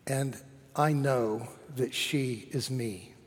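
A man, a cathedral dean, preaching a sermon in slow, measured phrases with emphatic rises. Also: mid-range voice, slightly rough. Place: large cathedral. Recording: long hall reverb.

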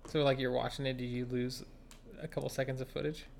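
A man's voice: medium pitch, level tone, fast, gravelly, a little mellow, a little hiss or hum. A man co-hosting a podcast in casual chat, teasing his co-host with a wry manner and laughing often.

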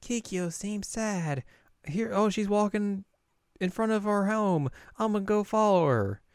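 A timid little village child from a cartoon, as a man puts it on speaks in a small, raised, hushed voice. The words come out hesitant and quiet, dry and close to the mic. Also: animated, measured pace, smooth, dry recording. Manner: soft, hesitant, high.

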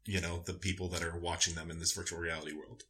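A man's voice: sits low, level tone, fast talker, bright, forceful tone. A man co-hosting a podcast, recapping a TV show in wry, rambling, sweary casual chat. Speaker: podcast co-host.

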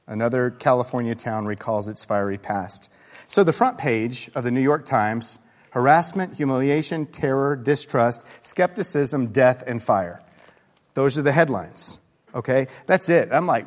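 A man preaching a sermon in a conversational, animated way, moving between hushed asides and excited bursts. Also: mid-range voice, unhurried. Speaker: pastor. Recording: long reverb of a large hall.

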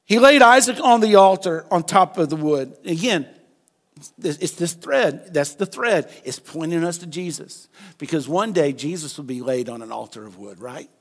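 A pastor delivering an impassioned sermon. He swings from hushed, quiet stretches to loud, emphatic peaks. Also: fairly high pitch, lively intonation, moderate pace. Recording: long hall reverb.

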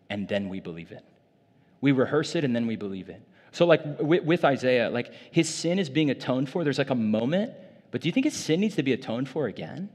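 Male pastor, middle-pitched, casual chatty sermon delivery, long church-hall reverb. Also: darkish tone. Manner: casual, conversational preaching with many "like" fillers.

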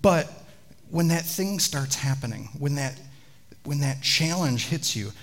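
Man, pastor, sermon, animated storytelling, chatty asides. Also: a little high, unhurried.

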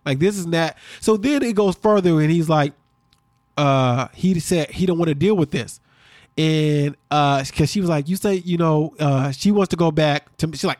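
A man co-hosting a podcast, recapping a reality show in quick, animated casual chat. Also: on the high side, no room sound, studio quality. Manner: fast-talking, animated storyteller. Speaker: podcast co-host.

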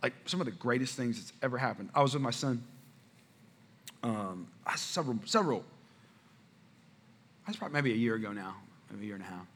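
A man, a father of five, preaching a sermon with animated storytelling, talking straight to the congregation. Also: mid-range voice, a little fast, long pauses. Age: adult father. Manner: animated storytelling, addresses the crowd. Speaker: pastor.

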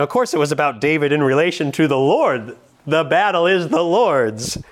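Man preaching an expository sermon. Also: medium pitch. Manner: expository, with slow emphatic scripture readings.

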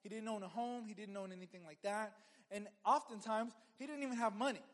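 A man's voice: high-pitched, a little fast, big-room sound. A man preaching a sermon as a pastor, in a conversational way with joking asides and frequent restarts.

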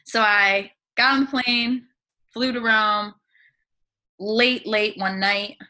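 A woman's voice: a little high, steady tone, takes it slowly, bright, forceful tone. An American woman, a podcast guest, telling a long story in a breezy, chatty way, full of casual fillers. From United States.

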